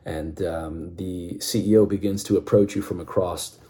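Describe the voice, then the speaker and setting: A man with a very low, dark and mellow voice tells a dramatic story in the second person. He pulls the listener into the scene as "you". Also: steady tone, normal speed.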